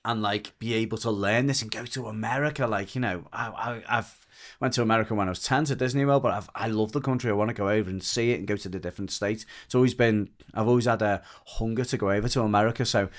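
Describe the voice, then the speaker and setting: A man from the UK, a dog trainer guesting on a podcast, telling a story in rambling, animated casual chat full of restarts. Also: on the low side, quick pace, few pauses. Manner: rambling and animated, with frequent restarts and lively mimicry of others.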